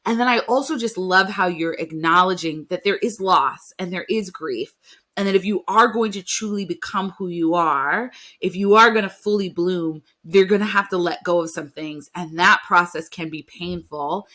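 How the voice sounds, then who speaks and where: Woman podcast host, lowish voice but bright, reflective, lots of soft mm's. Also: moderate pace. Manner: reflective, affirming, with frequent soft backchannel murmurs. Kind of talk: conversational podcast interview.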